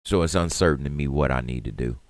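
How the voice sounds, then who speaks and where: Deep-voiced Detroit man ranting on air. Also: fast talker, no echo, studio quality. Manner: animated, rising to loud emphatic rants; streetwise slang, laughs through hard talk. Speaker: radio show co-host. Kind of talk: casual talk radio monologue.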